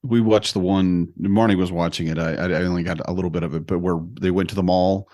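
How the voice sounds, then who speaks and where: A man's voice: low-pitched, fast. A middle-aged man co-hosting a podcast, telling stories casually and acting out the lines of the people in them. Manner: animated storytelling, acts out quoted lines. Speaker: podcast co-host. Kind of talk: casual chat.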